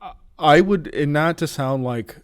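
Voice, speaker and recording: A man's voice: fairly high pitch, measured pace. A young man co-hosting a casual chat, rambling with restarts and blunt, profane opinions.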